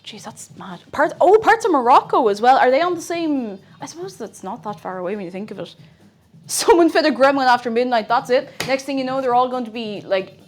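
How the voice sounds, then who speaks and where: A young woman streamer chatting casually and rambling while she cooks, with frequent exclamations. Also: on the high side. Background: faint music.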